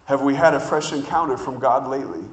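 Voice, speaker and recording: A man preaching a sermon, telling stories in an animated way and drawing out words for emphasis. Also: medium pitch, roomy sound, poor audio. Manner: animated storytelling with drawn-out emphasis.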